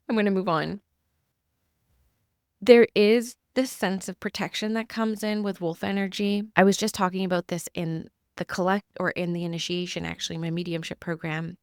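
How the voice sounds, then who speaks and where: Woman medium chatting earnestly on her podcast, lowish voice w lots of fry. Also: steady tone, moderate pace, dry recording, studio quality. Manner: earnest, heartfelt sharing. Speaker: spiritual medium and teacher. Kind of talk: casual spiritual podcast talk.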